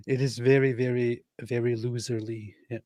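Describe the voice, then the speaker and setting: A man talking in a relaxed, amused way while hosting a livestream commentary, often laughing at what he hears. His voice sits at a medium pitch and sounds dry and close to the mic. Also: dry recording. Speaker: livestream host. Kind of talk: casual commentary chat.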